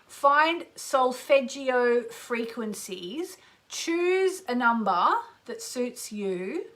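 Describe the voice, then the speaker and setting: A woman's voice: fairly high pitch, a bit bright. A middle-aged woman with an Australian accent, hosting a live astrology show, chatty and enthusiastic as she reads oracle cards and greets listeners by name. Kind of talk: live show chat with oracle card readings.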